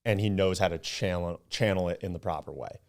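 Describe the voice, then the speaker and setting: A young man from Upstate New York, a podcast guest, chatting casually and acting out his stories with animated quotes and some swearing. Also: low voice, fairly quick. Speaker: podcast guest, club founder.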